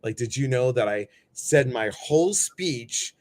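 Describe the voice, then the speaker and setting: A middle-aged man hosting a live stream, greeting viewers by name in a playful, jokey way, often jumping his voice up high. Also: lively intonation, a little slow. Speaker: host of a live show.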